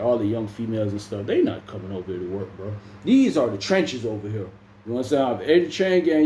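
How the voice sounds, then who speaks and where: A man's voice: medium pitch, dark tone, a little hiss or hum. A man from Jamaica casually telling a prison story in slangy talk, calling the listener "bro" again and again. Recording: echoey room with faint ambience.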